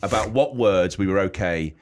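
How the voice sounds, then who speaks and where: A man's voice: low voice, lively intonation, a little hiss or hum. A middle-aged man co-hosting a podcast in casual chat, playful and teasing. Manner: playful, teasing, fast-talking. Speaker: podcast co-host.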